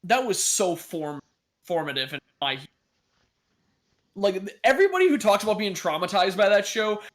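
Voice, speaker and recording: A man with a slightly high voice, co-hosting a podcast. He tells rambling anecdotes in an easy, casual way and swears now and then. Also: big pitch swings, normal speed, a bit bright. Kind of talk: casual chat.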